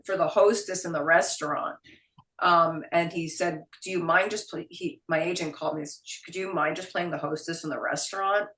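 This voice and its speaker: A middle-aged woman from Queens with a New York accent speaks a little low. She tells stories lively and salty, acting out other people's lines. She is picked up from some distance in a roomy space. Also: brisk. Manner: animated, quotes people in put-on voices, swears casually. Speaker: guest. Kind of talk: casual storytelling interview. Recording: roomy sound, voice a bit off mic.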